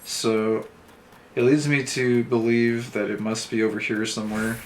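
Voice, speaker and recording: A young man streams an online game, thinking aloud in a dry, sarcastic way and reading quest text aloud as he plays, in a casual let's-play. His medium-pitched voice stays level at a measured pace. Faint game music plays underneath, with slight background noise.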